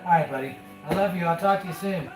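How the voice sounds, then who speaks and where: Chatty folksy dad in an echoey room. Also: male voice, sits high, fast. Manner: folksy, calls the listener son, chatty about betting odds. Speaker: host, father on a live stream. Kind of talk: casual live-stream chat. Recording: echoey room with loud music.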